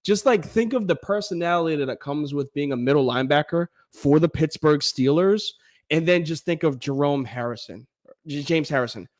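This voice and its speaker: A man co-hosting a sports podcast in a casual, animated and profane way, laughing often. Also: a little high, normal speed. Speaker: podcast co-host.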